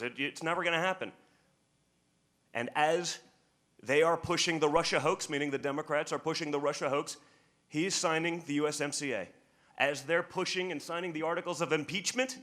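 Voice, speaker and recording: Bright-voiced man speaking at a press conference. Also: medium pitch. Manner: rambling, storytelling, repeats words when starting sentences.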